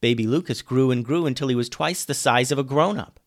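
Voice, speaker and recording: A man narrating a children's pirate adventure at a middle pitch. He tells it lively and plain, dropping his voice for the speech tags. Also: brisk, hardly any pauses. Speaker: storyteller. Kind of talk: reading a children's adventure story.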